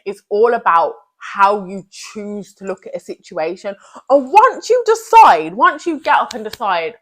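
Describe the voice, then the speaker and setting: A woman's voice: medium pitch, big pitch swings, measured pace, fairly bright tone. Emphatic young woman vlogging. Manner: emphatic, repetitive, slangy and chatty. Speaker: self-improvement vlogger. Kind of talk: motivational talk to camera.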